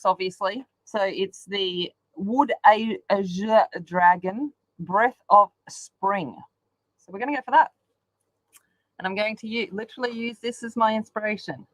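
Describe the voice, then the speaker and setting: A woman's voice: mid-range voice, a bit bright, no room sound, poor audio. A woman chatting casually while she colours, rambling along with lots of ums. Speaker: colouring channel host. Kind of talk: casual chat while colouring on a live stream.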